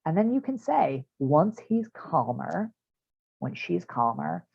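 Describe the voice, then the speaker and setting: A man's voice: on the high side, sing-song, slow pace, creaky, breathy edge, no echo. A man, a counselor, giving a practical online training talk to parents in a conversational way with many fillers, over a video call. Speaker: counselor presenting a parent workshop. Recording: dull, dry video-call audio.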